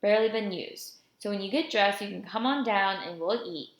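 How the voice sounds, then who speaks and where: A caring mother figure with a quick scolding streak, read by a woman. She fusses over a thin boy and chides her joking father. The voice has a roomy ring around it. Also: mid-range voice, natural voice. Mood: tender. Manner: fussing, indignant, then tender. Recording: roomy echo.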